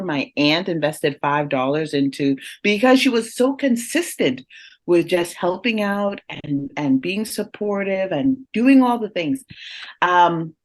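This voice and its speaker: A woman who is a guest speaker on parenting, telling a family story in conversation, laughing often and speaking directly to listeners. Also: fairly low pitch. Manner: animated, laughs often while telling stories.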